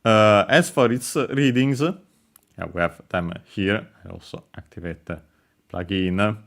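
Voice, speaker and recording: A man giving a casual language lesson, explaining slowly with many hesitant pauses and fillers. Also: on the low side, creaky. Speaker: language teacher.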